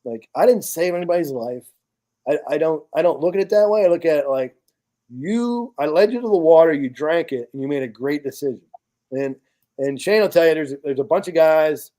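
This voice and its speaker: A man from the United States talks casually and bluntly, his voice sitting a touch high for a man. He swears freely and jumps into acted-out bits of his own story with plenty of energy. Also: brisk. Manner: blunt, profane, animated storyteller. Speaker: podcast guest, charity founder.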